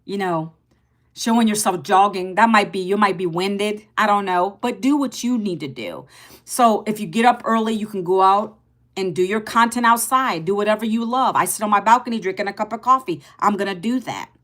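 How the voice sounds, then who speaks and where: A woman in her fifties talking casually to camera as an online business coach, chatty, repeating herself and calling viewers "guys". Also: moderate pace. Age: 50s. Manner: lively, pitch jumps up and drops low.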